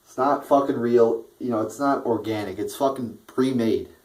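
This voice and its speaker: Over background noise, a young man at normal speed and mid-range pitch vents about a wrestling show. His review is casual and profane, and he gets worked up, frequently starting his sentences over.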